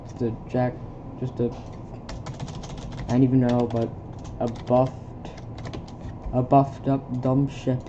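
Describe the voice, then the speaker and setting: A woman at home reading a film script aloud for laughs, stumbling over lines in a deadpan way. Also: rumbling low, slow, long pauses, highs cut off, background noise. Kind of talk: casual comedic script reading. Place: home with a pet dog.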